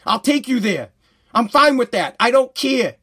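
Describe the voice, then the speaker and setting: A man in his thirties from the United States hosting his own podcast, ranting in a heated, profane way, often shouting and stumbling over restarts. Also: very high-pitched, sing-song, measured pace, husky. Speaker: podcast host. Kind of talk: ranting live-stream podcast monologue.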